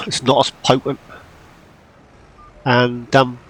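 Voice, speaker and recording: A man's voice: mid-range voice, flat delivery, drawn-out words, vocal fry, fairly bright tone, breathy edge, low-quality recording. A man giving casual, rambling commentary while playing a farming game, now and then poking fun at himself. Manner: rambling and self-deprecating. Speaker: gameplay channel host.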